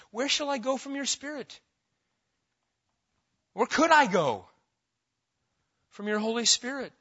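A bright, high-pitched man preaches with emphasis and keeps asking his listeners questions. The sermon comes through a dull, lo-fi church recording. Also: husky. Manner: emphatic preacher who asks the congregation questions. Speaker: pastor. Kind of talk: expository sermon.

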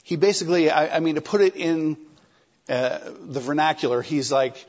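Husky conversational male preacher. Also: fairly high pitch, normal speed, muffled recording. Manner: animated, conversational, acts out quoted lines. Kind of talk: sermon.

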